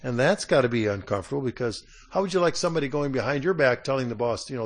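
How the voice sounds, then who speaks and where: A man giving a sermon in a conversational way, with many fillers and frequent throat clearing, reading scripture passages aloud more slowly. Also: mid-range voice, expressive. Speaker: preacher.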